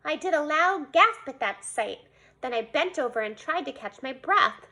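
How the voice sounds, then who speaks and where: A woman reading a children's storybook aloud in an animated way. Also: high voice, normal speed. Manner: animated, voicing a young girl narrator. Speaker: reader.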